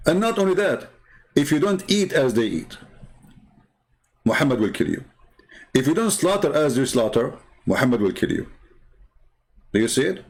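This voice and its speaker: A man's voice: mid-range voice, very animated, normal speed, long pauses. A man hosting a livestream, talking in a blunt, sarcastic and scornful way. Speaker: livestream host. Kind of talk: combative livestream commentary.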